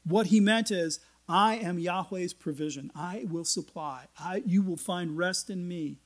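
A man's voice: high voice, a little slow. A man preaching a sermon, reading scripture aloud and explaining it in a conversational way with folksy, joking asides. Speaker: pastor.

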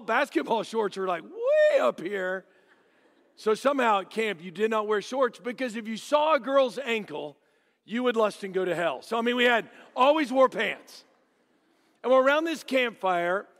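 A man's voice: high-pitched, moderate pace. A middle-aged man from Dallas, preaching a joking, storytelling sermon to a congregation. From Dallas, Texas. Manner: joking, animated storytelling with acted-out voices. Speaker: guest preacher. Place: church sanctuary. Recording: reverberant church hall.

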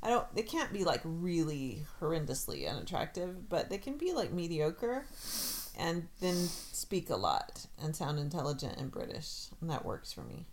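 A woman's voice: sits low, sing-song, moderate pace. Chatty middle-aged woman podcast host. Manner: chatty, laughs often, rambling asides. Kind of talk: casual chat.

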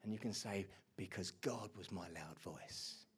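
A man's voice: deep voice, unhurried, slightly rough. Man preaching with big dynamic swings. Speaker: pastor. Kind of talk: sermon.

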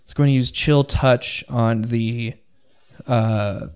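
A man narrating a tabletop game as game master, counting dice rolls aloud with excitement. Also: medium pitch, takes it slowly, smooth.

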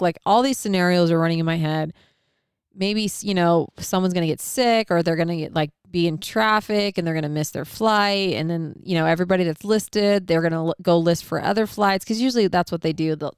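A middle-aged woman with a smooth, resonant, slightly low voice tells a personal story in a loose, chatty way. She acts out her own inner thoughts with lively swings and swears freely. The sound is dry and close. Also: no room sound. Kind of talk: casual storytelling.

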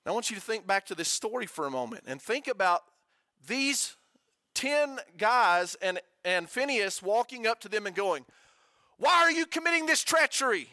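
Male pastor, middle-aged, high bright voice, dry close sound; conversational sermon with rhetorical questions and hushed emphasis. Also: lively intonation, normal speed, dry recording. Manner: conversational preaching with rhetorical questions, rising and dropping to a hush.

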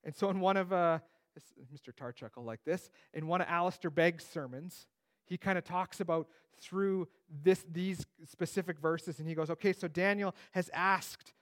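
A man's voice: a little high, moderate pace. A man teaching through a Bible passage in a conversational way, with joking asides.

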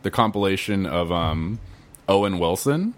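A man's voice: deep voice, lively intonation, normal speed. A man co-hosting a casual podcast, joking and swearing freely in loose banter. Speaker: podcast co-host.

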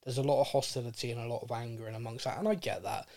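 A man hosts a relaxed podcast and keeps teasing his guest with dry jokes. His voice sits at a medium pitch, and his chat is easygoing and playful. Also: very fast, vocal fry. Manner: teasing, jokey. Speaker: podcast host.

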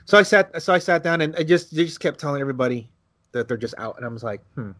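Animated man telling a story. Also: quick pace, slight background noise. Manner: animated, acts out quotes with big pitch jumps; swears freely. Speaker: podcast co-host. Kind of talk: casual storytelling chat.

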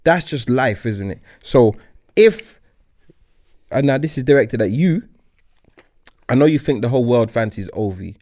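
A young man co-hosting a podcast, with a serious manner even when joking. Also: medium pitch, a little slow, pauses often. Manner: serious demeanor, ribbing, explaining. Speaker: podcast co-host. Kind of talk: casual banter.

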